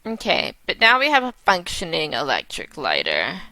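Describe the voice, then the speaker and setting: A woman's voice: sits low, huge pitch swings, normal speed, sharp tone, no echo. A woman giving game commentary as she plays, musing and half-reading to herself. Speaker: let's play host.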